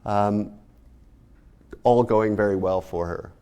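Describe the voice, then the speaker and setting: A man's voice: on the low side, takes it slowly, warm tone, clear, resonant tone. A man giving a casual art history lecture, talking to students and asking them many rhetorical questions. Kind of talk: classroom lecture.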